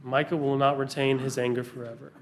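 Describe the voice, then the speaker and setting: A man preaching a sermon, earnest, pausing for emphasis as he reads scripture aloud. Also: mid-range voice, little pitch movement, slight background noise.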